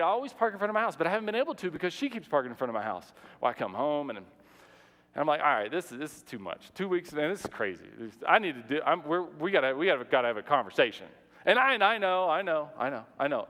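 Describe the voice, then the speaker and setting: Fairly high-voiced pastor in an echoing hall. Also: male voice, smooth. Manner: animated, conversational, many restarts and fillers. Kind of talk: sermon storytelling. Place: church sanctuary. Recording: long reverb of a large hall.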